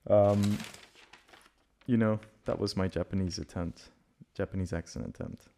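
Rambling man with a lowish voice. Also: fairly quick, gravelly, mellow. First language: Portuguese. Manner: rambling, self-correcting, loose and conversational. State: a bit sick, dry throat. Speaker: podcast host. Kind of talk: casual solo podcast talk.

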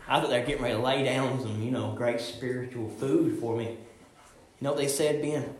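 A young man preaching a sermon in a church, fervent, shouting his refrains and swinging his voice from high to low. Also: steady tone, a little fast, reverberant, a little hiss or hum. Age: young adult.

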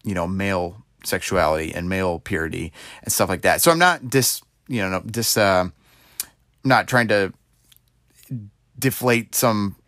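A man in his twenties telling a story in a casual monologue, rambling and filling gaps with "like", getting animated as he retells it. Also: low voice, unhurried, pauses often, no room sound, clean studio sound. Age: 20s. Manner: rambling, heavy use of "like" fillers; animated retelling with rising exclaims. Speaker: podcast host.

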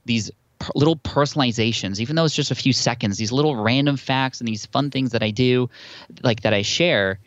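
A man's voice: mid-range voice, a little fast, dry recording, muffled recording. A man as a podcast guest, chatting and telling stories with many restarts and fillers. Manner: chatty, frequent restarts and fillers, animated storytelling. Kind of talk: conversational interview answer.

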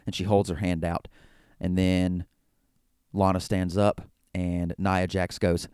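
A man with a lowish, smooth and resonant voice talks through a casual recap as a podcast host. He is chatty and joking, and he often trips over his words and repeats them. The sound is close and dry. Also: measured pace, a little mellow, no echo. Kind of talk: casual wrestling recap commentary.

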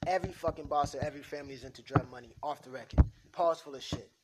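A man's voice: mid-range voice, rapid-fire, very noisy, lightly acted. A man doing a foul-mouthed hot-tempered mob boss. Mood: scornful. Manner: blunt, swearing, lecturing.

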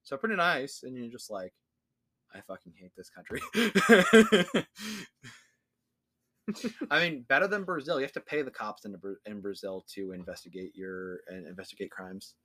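Medium in pitch and fairly bright, this podcast host's voice moves at a moderate pace through a casual, profanity-heavy rant. Whenever he quotes someone, he performs their voice.

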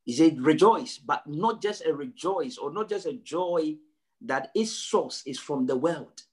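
A male pastor preaching a sermon, emphatic, repeating his phrases and swinging from low and quiet to high and loud. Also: expressive, a little slow, breathy edge. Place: church service.

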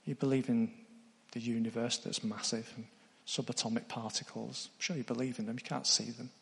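A man's voice: medium pitch, flat delivery, fairly quick, creaky, fairly bright tone, in a large hall. A man preaching a sermon, earnest, putting direct questions to his congregation.

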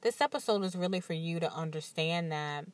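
Animated, candid woman podcast host. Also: on the low side, fairly quick. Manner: animated storytelling with acted-out quotes and frequent laughs; emphatic and candid. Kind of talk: casual monologue.

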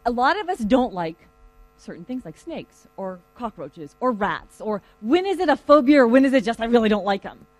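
Lecturer, classroom talk, conversational, lively storytelling, dry close sound. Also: mid-range voice, normal speed, no room sound, faint music behind, poor audio.

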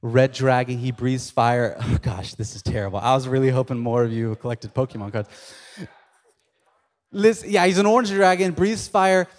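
A man's voice: medium pitch, animated, moderate pace. A male pastor preaching a casual storytelling sermon, joking and talking straight to the congregation in a church. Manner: conversational and joking, addressing the congregation. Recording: long reverb of a large hall.

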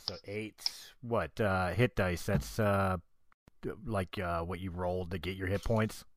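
Low-voiced man playing a tabletop game. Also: steady tone, measured pace. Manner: loose, laughing, swears casually. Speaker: player. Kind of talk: casual tabletop play.

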